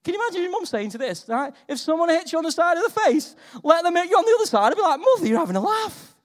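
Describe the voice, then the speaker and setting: A man's voice: extremely high pitch, rapid-fire. A middle-aged man preaching a sermon, telling stories and quizzing his congregation. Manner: animated storytelling, quizzing the congregation. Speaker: pastor. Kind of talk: lively sermon.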